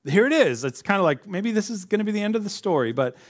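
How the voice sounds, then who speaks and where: A man's voice: high voice, sing-song, fast talker. A man preaching a sermon in a conversational way, acting out the voices of the people he quotes. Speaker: pastor.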